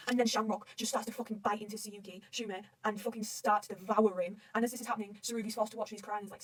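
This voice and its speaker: A woman's voice: mid-range voice, fairly even intonation, rapid-fire, few pauses, distant mic, low-quality recording. A young woman gushing and rambling through a manga recap, swearing constantly. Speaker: manga reader reacting. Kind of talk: excited recap chat.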